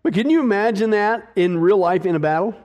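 A man delivers a sermon in a notably high voice. He speaks emphatically and keeps checking in with the congregation with a quick rhetorical question. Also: a little mellow, a little hiss or hum. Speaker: pastor.

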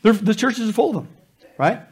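A middle-aged male pastor preaching a sermon, animated, with laughing asides and mocking voices. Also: sits high, brisk, breathy edge.

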